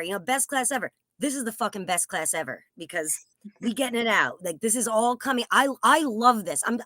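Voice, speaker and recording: An American woman speaks to a group over a video call, talking fast and excitedly in a rambling, profane way. Her voice sits fairly high and sounds bright and forceful. The sound is dry and close. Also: no room sound. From United States. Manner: excited, rambling, swears freely. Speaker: class participant.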